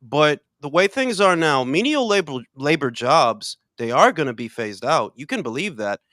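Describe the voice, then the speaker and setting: An older man hosting a casual boxing talk show, profane and loud, swinging between shouting and muttering. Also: a little high, very animated, moderate pace, no room sound, clean studio sound. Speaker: boxing podcast host. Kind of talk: casual chat.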